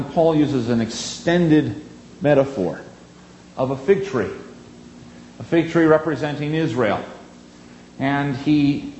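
A man preaching a sermon in an earnest, emphatic way, leaning on key words with dramatic pauses. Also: fairly high pitch, darkish tone, reverberant, a little hiss or hum, poor audio.

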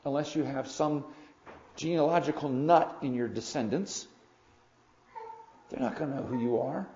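A man's voice: medium pitch, roomy sound, lo-fi sound, slight background noise. Preaching man with big emphatic swells. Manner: preaches with sudden loud emphatic swells and slow drawn-out stresses. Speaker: pastor. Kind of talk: sermon.

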